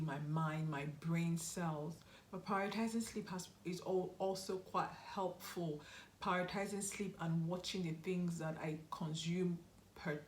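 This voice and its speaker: A woman's voice: on the low side, slight background noise. A young woman giving earnest, encouraging advice on a motivational vlog and repeating her key points. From Nigeria. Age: young adult. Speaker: YouTube host. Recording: roomy echo.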